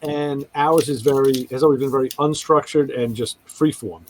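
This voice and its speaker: This man hosts a relaxed radio talk show, telling lively stories and imitating callers' voices as he goes. He speaks at a normal speed in a medium pitch, and the poor audio carries a little hiss or hum.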